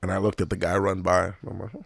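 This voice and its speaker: A man's voice: low-pitched, rapid-fire, gravelly, no echo. A young man, a professional footballer, telling stories in a casual interview with lots of slang and laughter. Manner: animated, laughing, slang-heavy storyteller.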